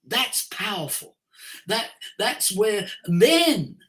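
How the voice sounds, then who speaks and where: A voice coach as a podcast guest, talking expressively with big swings in pitch and pace. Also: very animated, takes it slowly, fairly bright tone, poor audio. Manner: acts out everyday scenes in changed voices. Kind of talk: podcast interview, coaching talk.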